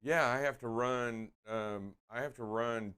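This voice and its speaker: Rambling middle-aged co-host, laughing. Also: male voice, medium pitch, measured pace, fairly bright tone, clean tone. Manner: laughs often, rambles with restarts. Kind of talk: casual chat.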